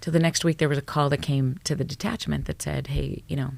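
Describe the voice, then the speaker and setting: Brief: woman psychologist guest, gravelly and husky, blunt, animated, swears freely. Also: low-pitched, a little fast. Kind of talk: storytelling in a podcast interview.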